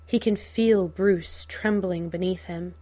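A woman narrating a fan fiction audiobook in a measured, unhurried storytelling manner. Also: fairly low pitch, steady tone, warm tone.

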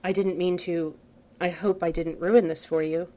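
A woman voicing an earnest, gentle and kind grown man who speaks softly and a little hesitantly. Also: fairly low pitch, fairly even intonation, normal speed, natural voice.

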